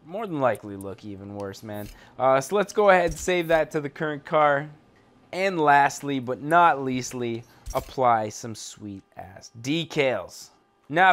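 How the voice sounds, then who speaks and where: A young man from Canada talks through a car build and a drive in a loose, rambling way, joking as he goes and leaning on lots of fillers. His voice sits a little higher than most men's. The sound is close and simple, like a desk mic in a home gaming setup. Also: fairly bright tone, smooth. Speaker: gaming channel host. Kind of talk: casual gameplay commentary.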